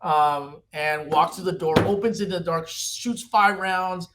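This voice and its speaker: A man's voice: unhurried, background noise. A man in his fifties, a company executive, talking animatedly as a podcast guest. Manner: animated storyteller, pitchy. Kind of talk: podcast interview.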